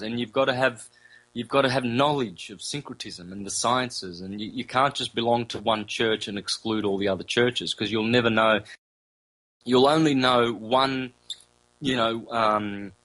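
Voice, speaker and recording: A man, a guest in an interview, explaining at length in a loose conversational way, often repeating himself and sounding out vowels slowly. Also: medium pitch, fairly bright tone, poor audio. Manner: loose, conversational, with fillers and self-corrections.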